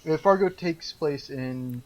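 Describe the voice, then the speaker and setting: A man's voice: fairly high pitch, slow pace, rough recording. A man co-hosting a casual podcast, telling stories in a rambling way with lots of ums, restarts and laughter. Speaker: podcast co-host. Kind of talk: casual chat.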